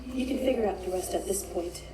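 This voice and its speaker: A woman's voice: medium pitch, a little fast, distant mic, lightly acted. A woman with a British accent voicing a dead woman who gives a bitter, frightened statement in a recorded audio drama, her voice pained and shaky. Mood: bitter, resigned. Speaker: statement giver. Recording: loud noise, reversed reverb effect.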